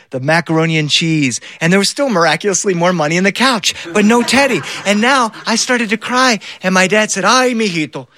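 A man telling a personal childhood story in an animated way, with dramatic pauses, in a recording studio. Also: fairly high pitch, no room sound. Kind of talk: live-style personal storytelling.

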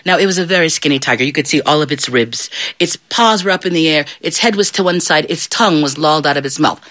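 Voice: mid-range voice, quick pace. A middle-aged storyteller telling a folk tale live to an audience, playful and quizzing the listeners. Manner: animated, playful, asks the audience questions.

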